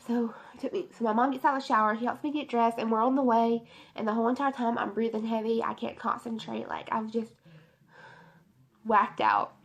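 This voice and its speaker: A young woman telling a personal testimony story in a rambling, emotional way, full of fillers, in her bedroom. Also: a little high. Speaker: beauty vlogger.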